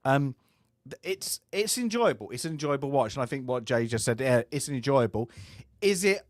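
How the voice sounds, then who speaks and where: A man co-hosting a casual film review chat, speaking haltingly with frequent restarts. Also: medium pitch, big pitch swings, no room sound, clean studio sound. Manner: halting, restarts often, laughs easily. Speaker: film review podcast co-host.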